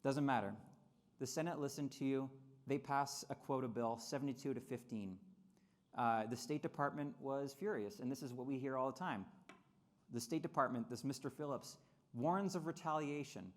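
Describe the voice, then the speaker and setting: A man giving a lively convention speech on trade history, often repeating words and acting out quotes in mocking voices. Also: mid-range voice, normal speed. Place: convention hall.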